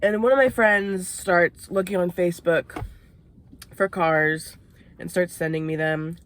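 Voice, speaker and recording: A woman's voice: fairly low pitch, steady tone, unhurried, slight background noise. Chatty young woman eating in a car. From Maine. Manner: chatty, swears casually, laughs between bites. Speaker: vlogger. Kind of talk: casual storytelling while eating. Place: inside a parked car.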